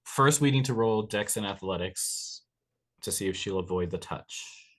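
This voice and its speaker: Low-voiced hesitant male player. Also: normal speed. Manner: hesitant, many fillers and restarts while planning moves. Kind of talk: tabletop role-play, describing his character's actions.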